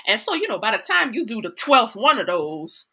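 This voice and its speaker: A woman's voice: a little high, very animated, normal speed, bright, forceful tone, breathy edge. A middle-aged woman with a New Orleans accent, telling stories as a guest in a casual interview, acting out quotes and laughing often. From New Orleans, USA. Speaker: guest actor.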